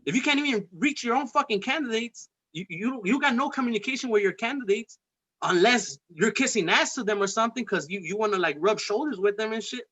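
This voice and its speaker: Profane, heated man with a bright voice. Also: sits high, expressive, brisk. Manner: heated, profane, rambling with many restarts. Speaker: podcast host. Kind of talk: casual political chat. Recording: dull lo-fi recording.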